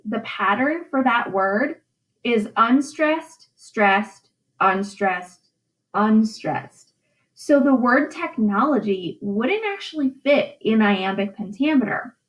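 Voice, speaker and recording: A woman's voice: fairly high pitch, fairly bright tone, rough recording. A woman teacher giving a recorded English lesson, drawing out syllables and checking in with "right?". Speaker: high school English teacher.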